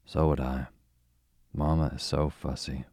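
A man's voice: extremely low pitch, little pitch movement, measured pace, darkish tone, no room sound, clean studio sound. A man reading as a cross young girl. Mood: complaining. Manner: complaining, sighing.

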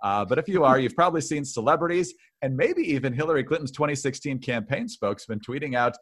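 Male co-host, mid-pitched voice, dry political chat. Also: animated, quick pace, fairly bright tone, slightly rough. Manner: conversational, dry, with filler words. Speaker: podcast co-host.

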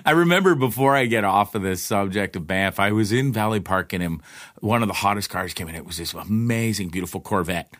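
A man's voice: fairly low pitch, a bit bright. A man telling rambling personal stories in a casual, profane way, laughing often. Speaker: storyteller.

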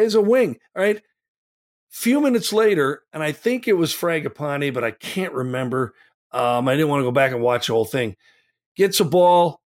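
A man co-hosting a soccer podcast, talking through a match in casual chat and getting animated when he makes a point. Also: no echo, studio quality. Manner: animated, rises in pitch when making a point.

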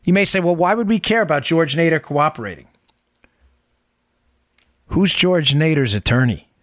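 A man's voice: on the high side, lively intonation, normal speed, no room sound, clean studio sound. A middle-aged man hosting a political commentary podcast, talking in an emphatic, incredulous way and repeating his points for effect. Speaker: podcast host.

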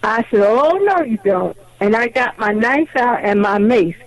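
A woman calling in to a radio show, telling a story in an animated, indignant way over a phone line. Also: on the high side, a little slow. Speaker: caller.

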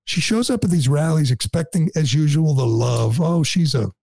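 Gravelly, sarcastic talk radio man. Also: on the high side, lively intonation, normal speed, a little mellow, no echo. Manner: sarcastic, mocking. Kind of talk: opinionated talk radio commentary.

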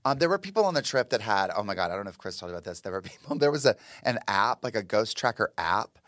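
A man, a comedian and actor, telling an animated story as a podcast guest, full of "like" and restarts. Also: fairly low pitch, fast talker, no echo, studio quality. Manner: animated, chatty, lots of "like" and restarts. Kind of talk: casual storytelling chat.

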